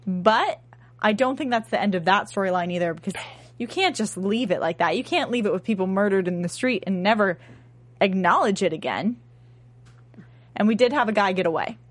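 A woman co-host talks through her theories about a drama series in a lively, opinionated way. Her voice sits in a middle pitch and is recorded dry and close, with no room sound. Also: a little fast, no room sound. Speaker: podcast co-host discussing a TV series. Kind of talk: casual chat.

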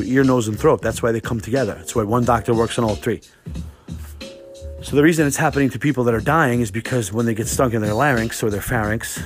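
Solo podcast host, young man, middle-pitched, crude and rambling, faint music bed. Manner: profane, rambling, animated storytelling. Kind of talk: casual monologue.

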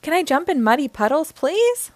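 A woman voicing an excitable little girl piglet in a storybook, with a high, eager, pleading voice. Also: moderate pace, no echo.

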